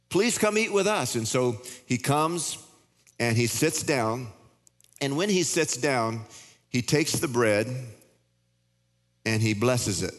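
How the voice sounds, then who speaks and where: Older male pastor, casual stumbling delivery, middle pitch, reverberant church hall. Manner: conversational preaching with repeated restarts. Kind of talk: sermon. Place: church sanctuary.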